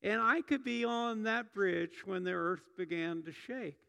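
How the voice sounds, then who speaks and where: A man's voice: high voice, unhurried, gravelly, pushed and bright, clear, resonant tone. A middle-aged man preaching a sermon in a church, conversational, often restarting and repeating words. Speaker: pastor. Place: church sanctuary. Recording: long hall reverb.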